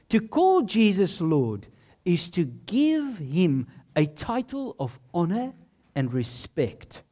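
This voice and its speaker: A preacher speaking slowly and deliberately, pitch rising and falling with lively emphasis. The sermon builds through rhetorical questions and short, punchy lines. Each point is given room to land. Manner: measured, punchy short phrases.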